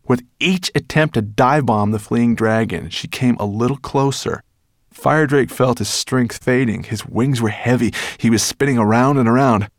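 A man's voice: medium pitch, no room sound, clean studio sound. A man narrating a children's adventure audiobook in a dramatic storytelling manner. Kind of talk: scripted narration.

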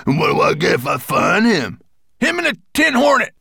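A cross, sulky storybook dwarf with a high, crackly, gravelly voice. He whines and shouts his complaints in a bright, pinched tone that leaps up and down. The sound is dry and close. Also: wildly swooping pitch, moderate pace, dry recording, full character voice. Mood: sulky grumbling. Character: grumpy sulking male dwarf armor cleaner. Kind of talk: audiobook character voice.

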